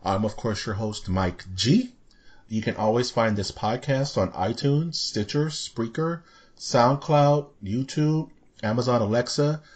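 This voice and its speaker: A man's voice: mid-range voice, husky. A man hosting a casual podcast, joking around and dropping movie references. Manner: playful, jokey, full of movie references. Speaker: podcast host.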